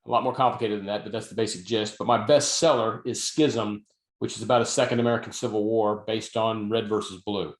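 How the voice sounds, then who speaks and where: Dry-humored man, roomy echo. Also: medium pitch. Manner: dry storytelling, wry asides. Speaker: podcast co-host and novelist. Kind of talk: casual podcast chat.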